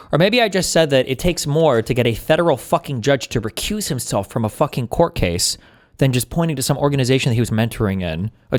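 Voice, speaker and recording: A man reacting to clips on a live stream, sarcastic and exasperated, firing back quick rebuttals. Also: medium pitch.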